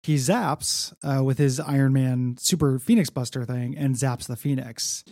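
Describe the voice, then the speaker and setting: Gravelly laid-back man chatting comics. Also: medium pitch, steady tone, a little slow, a little mellow, dry recording, studio quality. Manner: laid-back, rambling with many fillers. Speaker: podcast co-host. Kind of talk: casual comic book discussion.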